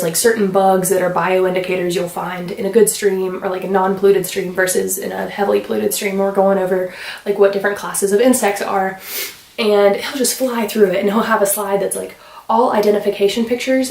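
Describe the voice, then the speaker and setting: A young woman from the United States rambles quickly through a casual vlog, full of fillers. Her voice sits at a middle pitch. It bounces around a roomy space and sounds a little distant from the mic. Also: creaky, darkish tone. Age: young adult. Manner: fast, rambling, lots of "like" fillers. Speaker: vlogger. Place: room at home.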